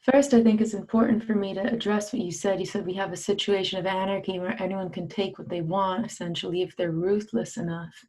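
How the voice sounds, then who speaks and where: A woman from Brooklyn, a guest on a video chat, speaking in a deliberate and earnest way. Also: medium pitch, steady tone, dark tone, poor audio.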